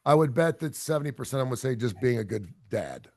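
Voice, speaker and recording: A man's voice: medium pitch, animated, quick pace, vocal fry. A middle-aged man hosting a radio talk show, chatting casually in a rambling, self-deprecating way full of fillers and restarts. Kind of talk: casual chat.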